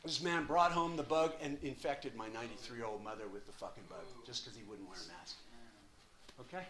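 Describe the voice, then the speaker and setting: A man's voice: mid-range voice, a little fast. Impassioned older man sharing his recovery. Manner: impassioned, emphatic, profane, swings from hushed to loud. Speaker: speaker at a recovery meeting. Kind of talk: personal recovery share.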